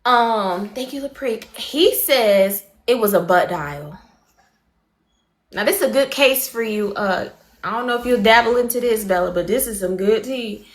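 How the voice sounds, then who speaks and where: Woman livestream host, slightly high voice, fast animated gossip recap, chats straight to viewers. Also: echoey room. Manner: rapid, animated storytelling, greeting viewers mid-sentence.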